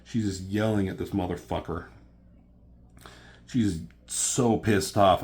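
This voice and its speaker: Profane excitable man recapping comics. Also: sits low, slow, long pauses, slightly rough. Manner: profane, excitable, filler-heavy retelling. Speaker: comic book reviewer.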